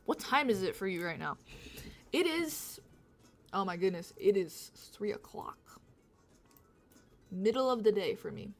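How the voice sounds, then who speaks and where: Woman streamer, rambling and self-mocking, soft music underneath. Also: mid-range voice, very animated, measured pace, long pauses. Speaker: livestreamer. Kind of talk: casual chat with stream viewers.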